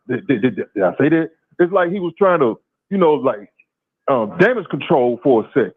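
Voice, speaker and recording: A man from calls in and tells a story in a profane, animated way, often repeating words as he stammers. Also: fairly high pitch, a little fast, breathy edge. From Louisiana, USA. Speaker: caller. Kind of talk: casual call-in storytelling. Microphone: phone call. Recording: tinny phone line.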